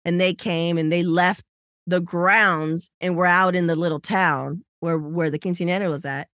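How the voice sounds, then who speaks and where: In a lowish voice at normal speed, a female podcast co-host spins an animated story in easygoing conversation, acting out everyone she quotes. The recording is clean studio sound without echo.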